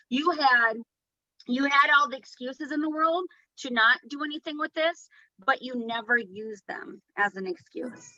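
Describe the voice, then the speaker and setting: A woman's voice: sits high, a little slow, pushed and bright, no room sound, lo-fi sound. A woman hosting a motivational video call, upbeat and hyped as she cheers on a teammate. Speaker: host.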